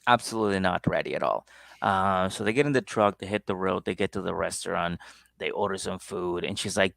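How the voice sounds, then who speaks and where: Man, comedy podcast co-host, gravelly voice, dry close sound, lively storytelling with squeaky impressions. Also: a little fast, no echo. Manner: animated storytelling with high-pitched impressions. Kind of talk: casual comedic chat.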